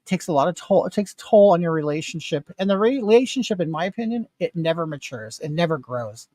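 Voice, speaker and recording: Brief: middle-aged man with a high, bright voice, animated and indignant storytelling, dry close sound. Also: no echo. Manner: animated, indignant retelling with rising emphasis. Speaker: vlogger. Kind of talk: casual storytelling while doing makeup.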